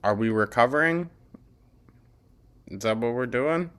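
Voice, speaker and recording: A man's voice: medium pitch, lively intonation, unhurried, fairly bright tone. A man hosting a reaction commentary, blunt and sarcastic, cutting in with exasperated remarks. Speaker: commentary host.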